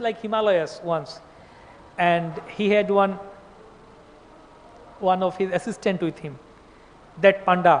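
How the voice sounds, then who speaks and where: A man gives a scripture class, telling a story with many restarts and pauses. His voice sits high for a man. It rings with long reverb in a large hall. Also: slight background noise. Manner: hesitant, with frequent restarts. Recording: echoey hall.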